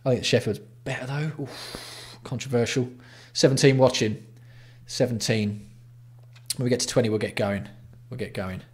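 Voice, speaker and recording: An Englishman hosts a casual livestream, greeting viewers by name while talking bluntly and swearing freely. His pitch is an ordinary middle range for a man, with fairly even intonation and normal speed, and he banters loosely with the chat between topics.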